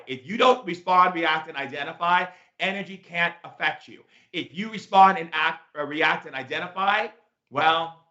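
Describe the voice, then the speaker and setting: Bright-voiced man in an echoey room. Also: fairly high pitch. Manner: emphatic and repetitive, playful asides. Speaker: shaman teacher. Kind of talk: spiritual self-help talk. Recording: echoey room, dull lo-fi sound.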